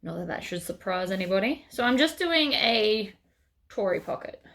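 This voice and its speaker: A woman's voice: mid-range voice, lively intonation, moderate pace, vocal fry, fairly bright tone. A woman hosting a sewing tutorial, chatting casually as she works through each step.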